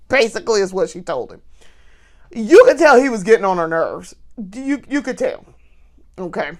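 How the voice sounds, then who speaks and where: High, lively woman telling a story. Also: moderate pace, pauses often. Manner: animated, laughing storyteller; talks straight to viewers. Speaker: vlogger. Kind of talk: casual storytelling to camera.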